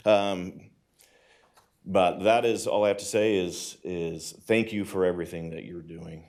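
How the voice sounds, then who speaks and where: A man giving an earnest, halting public comment at a city council meeting. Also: sits low, fairly even intonation, darkish tone. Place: council chamber.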